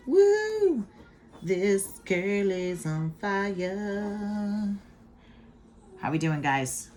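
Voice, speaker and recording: Low-voiced lady doing a chill math lesson at home, slow and jokey, bit of room hiss. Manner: chatty and playful, with hype catchphrases. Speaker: math teacher. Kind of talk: casual video math lesson.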